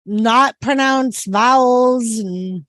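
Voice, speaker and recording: A chatty woman with a Boston accent tells stories in an easy livestream chat. Her voice sits a little high. The sound is dry and close, with no room around it. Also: extremely slow, fairly bright tone, no echo. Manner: chatty storyteller, acts out quotes. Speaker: co-host.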